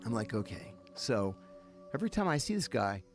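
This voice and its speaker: At normal speed and in a mid-range voice, a male podcast guest shares a story in casual talk. He's animated and performs the dialogue, with music running in the background.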